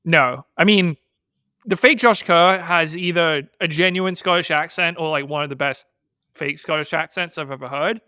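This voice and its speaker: A man from Boston co-hosting a podcast in casual chat, thinking out loud and hedging with "I mean" and "like". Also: fairly high pitch, normal speed, clear, resonant tone, no room sound, clean studio sound. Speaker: podcast co-host.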